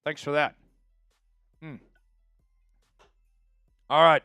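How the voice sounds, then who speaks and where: A man's voice: on the high side, very slow, creaky, clear, resonant tone, no echo, soft background music. A man hosting a live draft stream, chatting casually with viewers and hyping each pick. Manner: chatty, excitable, hypes viewers for likes.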